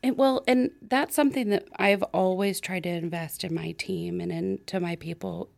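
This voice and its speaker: Woman with a gravelly voice, earnest. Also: on the low side, steady tone, normal speed. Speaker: team leader. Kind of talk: casual conversation.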